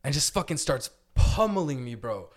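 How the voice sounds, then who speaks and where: A man's voice: medium pitch, very animated, normal speed. A young man co-hosting a podcast, telling a story in a rambling, profane way full of filler words. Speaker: podcast co-host. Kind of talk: casual storytelling chat.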